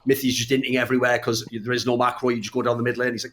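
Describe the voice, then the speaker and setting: A man's voice: medium pitch, level tone, rapid-fire, a bit bright. A man, co-hosting a podcast and ranting in brash, profane, sarcastic bursts. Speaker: podcast co-host. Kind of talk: casual podcast chat.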